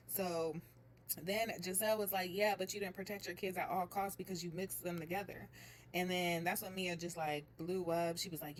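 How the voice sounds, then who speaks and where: A young woman chatting casually as she recaps a reality show, telling it in a lively way and slipping into other people's voices. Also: lowish voice, fairly quick, slight background noise. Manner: chatty, animated retelling with quoted voices.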